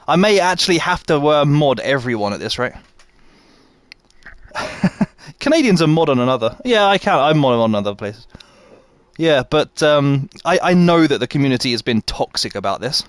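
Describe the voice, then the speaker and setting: A man's voice: a little high, sing-song, normal speed, dry recording. Guy streaming a game, chatty, answers chat a lot, voice jumps around, dead dry audio. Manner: chatty, reads out and answers viewers while playing. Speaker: livestreamer playing a game. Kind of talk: casual live-stream chat.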